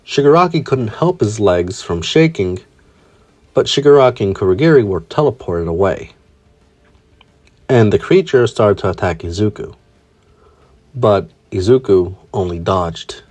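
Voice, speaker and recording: A man's voice: fairly low pitch, expressive, normal speed, darkish tone. A man narrating fan fiction.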